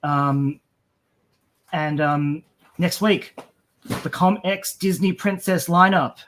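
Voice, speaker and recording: A man's voice: a little high, very slow, a bit bright, a little hiss or hum. A man with an Australian accent, chatting casually on a livestream while drawing, often trailing off mid-sentence. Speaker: comic artist drawing live on stream.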